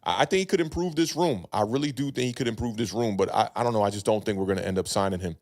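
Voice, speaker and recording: A man's voice: lowish voice, very fast. A young man hosting a casual livestream sports chat. He reads chat comments aloud, greets chatters by name, and hedges with plenty of fillers. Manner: laid-back, hedging, many fillers, greets chatters by name. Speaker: podcast host reading live chat.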